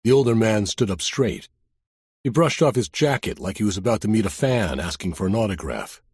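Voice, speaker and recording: A man reads a first-person thriller audiobook with a wry, deadpan detective voice. His tone is husky and his pitch moves a lot. The sound is dry and close-miked. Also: a little fast, no room sound. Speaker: audiobook narrator.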